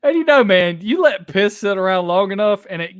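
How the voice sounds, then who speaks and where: A man's voice: sits high, expressive, brisk, clear, resonant tone, no echo, studio quality. Laid-back man trading crude banter. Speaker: podcast co-host. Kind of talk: casual chat. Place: home.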